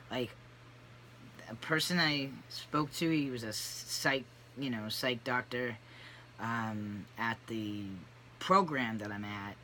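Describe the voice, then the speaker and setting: Vlogger, 30s or older, casual confessional delivery, loose and animated, bright tone. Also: mid-range voice, slight background noise. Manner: rambling, candid, animated with frequent fillers. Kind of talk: casual personal vlog.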